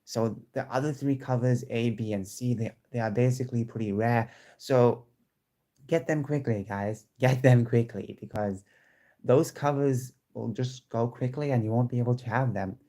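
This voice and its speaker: A man talking casually to his viewers from home in a chatty, excitable way, often restarting his sentences. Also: medium pitch, moderate pace. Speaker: vlogger. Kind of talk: casual chat to camera. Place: home room with squeaky chairs.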